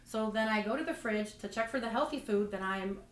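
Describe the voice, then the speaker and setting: A woman's voice: medium pitch, fairly quick. A woman doing stand-up, telling self-deprecating stories in a rambling way full of restarts. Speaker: stand-up comedian. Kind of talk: stand-up comedy storytelling. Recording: roomy, distant mic.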